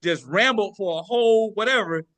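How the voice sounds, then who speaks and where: A man co-hosting a casual podcast, talking excitedly and swearing loosely. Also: sits high, moderate pace, no room sound. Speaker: podcast co-host.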